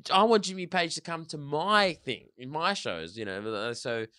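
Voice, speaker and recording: A man, a band member telling stories loudly and animatedly, swearing freely in casual chat. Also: fairly high pitch, lively intonation, moderate pace, clean tone, no echo. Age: 30s. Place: rehearsal studio.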